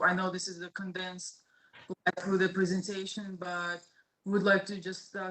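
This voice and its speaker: A woman's voice: lowish voice, fairly bright tone, rough recording. A woman introducing a transit project presentation at a board meeting, hesitant and full of fillers.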